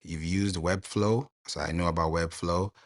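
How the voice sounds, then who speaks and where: A man talking in a live online audio room as a guest expert, explaining website and email marketing with eager, excited energy. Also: low-pitched, normal speed.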